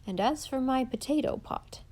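A woman's voice: high-pitched, normal speed, warm tone, voice pushed up. A woman doing a prim, scolding old housekeeper. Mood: indignant. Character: stern older housekeeper woman.

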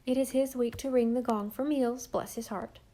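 A woman voicing a fussy, devoted middle-aged housekeeper who talks in an earnest, old-fashioned, dramatic way, with a mellow tone. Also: on the high side, steady tone, normal speed, natural voice.

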